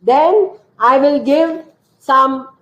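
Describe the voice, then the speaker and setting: A woman teacher trainer, explaining classroom activities in a slow, deliberate way during an online training session. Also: high voice, fairly bright tone. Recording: roomy, dull lo-fi online session audio.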